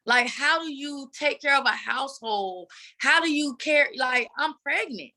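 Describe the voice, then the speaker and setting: A woman guest telling a candid personal story in an earnest, animated way. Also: high-pitched, measured pace. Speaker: guest advocate.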